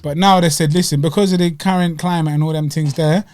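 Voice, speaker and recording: A young man with a London accent, co-hosting a podcast in casual chat and telling animated stories full of slang and acted-out quotes. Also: fairly high pitch, fast, no room sound. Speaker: podcast co-host.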